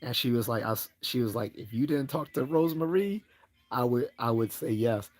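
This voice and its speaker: This livestream host speaks at a normal speed with a darkish voice, meandering through a personal tale in an easygoing way. He laughs a lot and acts out others' remarks in a higher voice.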